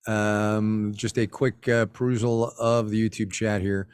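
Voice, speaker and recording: A man's voice: lowish voice, little pitch movement, unhurried, a little mellow, clear, resonant tone, no room sound, clean studio sound. A man co-hosting a casual livestream from a home office, wry and teasing. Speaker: co-host.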